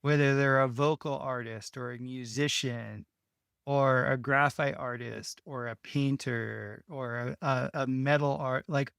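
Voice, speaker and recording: A man's voice: medium pitch, steady tone, a little slow, vocal fry, a bit bright, smooth, dry recording, clean studio sound. A man, a builder guest in an interview, telling a story casually with many restarts and short laughs. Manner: rambling, restarts often, laughs between phrases.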